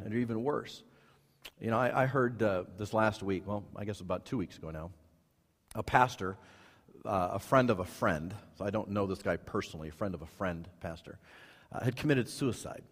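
A male pastor preaches to his congregation in a church, his voice trailing into a long hall reverb. He drives points home by repeating phrases and swings between quiet, low asides and loud, high peaks. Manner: emphatic preaching with repeated phrases and sudden rises in pitch and volume. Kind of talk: sermon. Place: church sanctuary.

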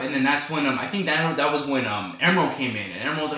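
A man hosting a casual film review chat, retelling scenes in a rambling, animated way with quoted reactions. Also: medium pitch, very fast, a little hiss or hum. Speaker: podcast host. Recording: echoey room.

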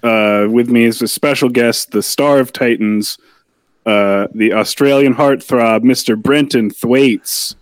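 A mock-grand show host opens with a deliberate, drawn-out welcome, as a man puts on the bit. The sound is dry and close, with no room around it. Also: mid-range voice, smooth, no echo, natural voice. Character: mock-formal man hosting a show intro.

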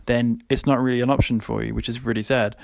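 A man's voice: mid-range voice, little pitch movement, fast, gravelly, darkish tone, dry recording. A young man hosting a podcast, talking casually with many fillers and frequent laughs. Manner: rambling, lots of fillers, laughs often. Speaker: podcast host.

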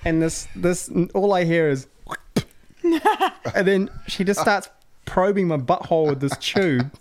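A man's voice: sits high, expressive, takes it slowly. A man, a podcast guest, telling stories in casual chat, laid-back and swearing freely. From New Zealand.

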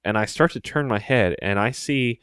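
A man's voice: lowish voice, moderate pace, a bit bright, clear, resonant tone, no echo, clean studio sound. A young man co-hosting a podcast, telling joking stories in a laid-back, casual way. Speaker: podcast co-host. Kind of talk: casual chat.

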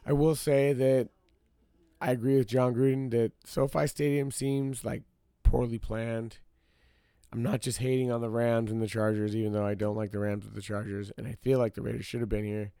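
Male podcast host, gravelly mid-pitched voice, chatty ranting storyteller who addresses the audience directly. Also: flat delivery, moderate pace, dark tone, dry recording, clean studio sound. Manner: ranting storyteller, repeats himself for emphasis; talks straight to listeners as y'all. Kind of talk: casual solo podcast rant.

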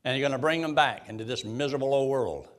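Talking fast in a mid-range voice, a man teaching Bible study reads scripture from the King James Version out loud and puts questions to the group in a homespun, folksy manner.

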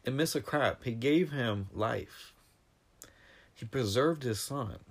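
A man in casual conversation, retelling a film's plot with animated, emotional storytelling and coming close to tears. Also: mid-range voice, takes it slowly, husky. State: near tears. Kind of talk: casual film discussion.

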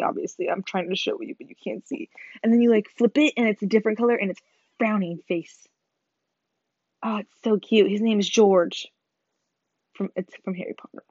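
A woman's voice: medium pitch, darkish tone, dry recording. A teenage girl in a rambling, swearing, self-mocking chat to camera. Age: teens. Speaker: vlogger. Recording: slightly dull lo-fi sound.

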